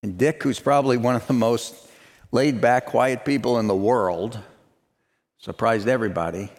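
A pastor with a mid-range voice speaks at normal speed, his sermon echoing through a reverberant hall. After telling a story, he works up to forceful declarations that he repeats.

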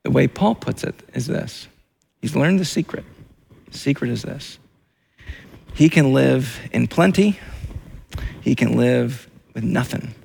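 A man's voice: mid-range voice, lively intonation, measured pace, vocal fry, long pauses, a little mellow, slightly rough. A man preaching a sermon as pastor, in a repetitive, emphatic way with many restarts.

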